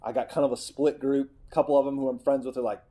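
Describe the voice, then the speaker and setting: A man's voice: mid-range voice, fast. A middle-aged man hosting a podcast, telling a personal story as a monologue and acting out the quoted lines with energy. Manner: animated storyteller who acts out quotes. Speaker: podcast host.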